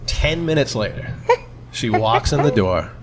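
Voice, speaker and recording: A man's voice: medium pitch, measured pace, background noise. A man, a bartender guest on a podcast, telling a story in casual chat and acting out the people in it. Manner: animated storyteller acting out quotes.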